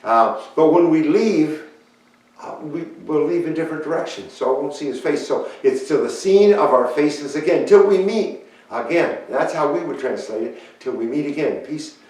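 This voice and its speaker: A man leading a children's time in church, talking in a gentle, rambling way and searching his notes aloud. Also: a little high, normal speed. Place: church sanctuary. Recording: echoey church, voice picked up from far off.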